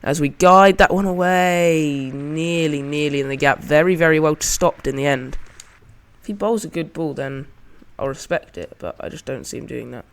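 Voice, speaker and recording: A man's voice: a little high, moderate pace, clean tone. A man giving casual, chatty commentary over his own gameplay as a channel host, narrating each shot as he plays it.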